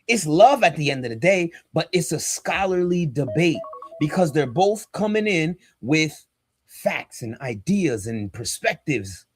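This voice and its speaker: Fired-up preaching man, lively pitch. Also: a little slow. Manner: emphatic and fired up, slangy and direct. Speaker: pastor and podcast co-host. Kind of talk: casual podcast talk with preachy motivation.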